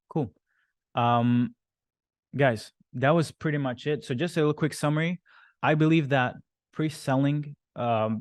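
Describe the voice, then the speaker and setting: A man's voice: medium pitch, a little mellow, dry recording, clean studio sound. A man teaching a business course on a group call, rambling and swearing, acting out his clients' inner worries. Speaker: business coach.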